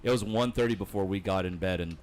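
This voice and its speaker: A man's voice: sits low, fast talker, a crowd in the background. Casual man, podcast host. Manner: laughs often, swears casually. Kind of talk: casual chat.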